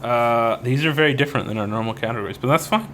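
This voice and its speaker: Male podcast co-host, mid-pitched, jokey and animated, faint background noise. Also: fast. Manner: playful, laughs often, tries silly put-on accents. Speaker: co-host and trivia contestant. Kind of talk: casual podcast chat.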